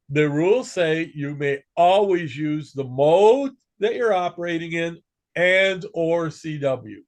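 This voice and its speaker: A man teaching an amateur radio class in a casual, joking way, stopping to correct himself now and then. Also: fairly high pitch. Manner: chatty, joking, self-correcting. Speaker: instructor.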